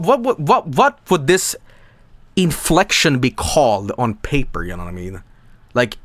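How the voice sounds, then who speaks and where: A man's voice: a bit bright, no echo. Rambling, stammering male streamer. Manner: rambling, stammering repeats, sudden jumps in pitch. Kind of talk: profane live-stream commentary.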